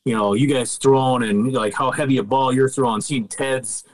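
A man's voice: medium pitch, steady tone, moderate pace, poor audio. Laid-back swearing man telling stories. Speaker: podcast guest. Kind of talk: casual storytelling.

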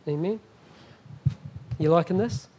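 A man's voice: on the high side, measured pace, a little mellow, slight background noise. A middle-aged man preaching a sermon as a guest pastor, emphatic and often asking the congregation "Amen?".

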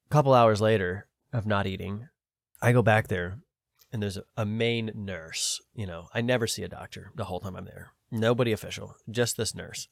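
A man's voice: lowish voice, moderate pace, gravelly, no echo, studio quality. A man on a podcast telling a long story in a casual way, quoting other people in his own voice and swearing now and then. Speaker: podcast host.

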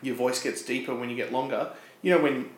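A man's voice: medium pitch, fairly even intonation, fast, roomy sound, low-quality recording. A man co-hosting a podcast, chatting casually through a quiz with rambling, joking explanations. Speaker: podcast co-host.

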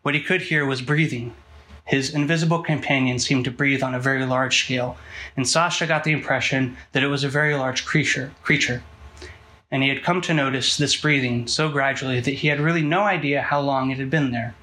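Young male preacher at a student ministry, earnest and emphatic, bright tone. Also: mid-range voice, steady tone, a little fast, low-quality recording. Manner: earnest, emphatic, builds through repetition. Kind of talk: sermon.

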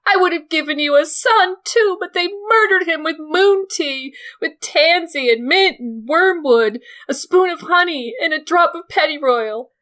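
A woman's voice: expressive, measured pace, few pauses, fairly bright tone, exaggerated voice. A woman voicing a hysterical, jealous noblewoman who weeps and pleads, in a dramatic book reading. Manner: shrill, sobbing, pleading outbursts.

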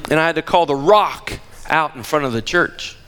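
An older man preaching a sermon, emphatic and animated, firing rhetorical questions at the congregation. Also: a little high, normal speed, clean tone. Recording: long hall reverb.

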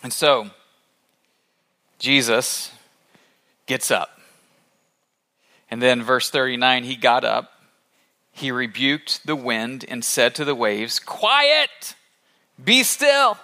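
A male pastor preaching a sermon in an animated, conversational storytelling manner. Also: mid-range voice, takes it slowly, long pauses.

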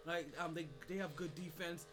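A man's voice: a little high, steady tone, moderate pace, a bit bright, soft background music. A man hosting a sports podcast in casual, joking chat, often stammering and repeating words.

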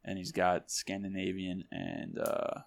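A man co-hosting a casual podcast, chatting in an animated way and imitating other people as he tells stories. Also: sits low, unhurried, vocal fry. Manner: animated, mimics voices in stories. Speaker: podcast co-host. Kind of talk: casual chat.

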